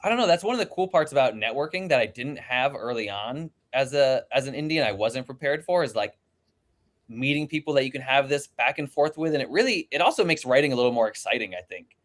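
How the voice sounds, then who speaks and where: A man's voice: medium pitch, lively intonation, fast, a bit bright. A man, an indie author and poet, chatting casually on a livestream panel in a rambling, self-deprecating way over a video-call mic.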